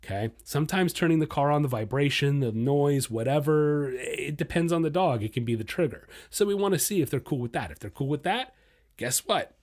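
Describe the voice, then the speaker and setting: A man hosting a dog podcast, giving casual, blunt training advice and talking straight to his listeners. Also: fairly high pitch. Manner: blunt, animated, talks straight to listeners as "guys"; acts out a dog's inner voice in quick asides.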